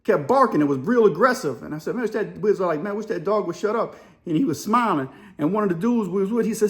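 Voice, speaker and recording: Middle-aged new orleans guy, high pitched voice, slangy laid-back storytelling. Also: animated. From Louisiana, New Orleans area. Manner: casual storytelling, drawling slang, quick laughs. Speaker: commentary video host. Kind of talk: reaction commentary.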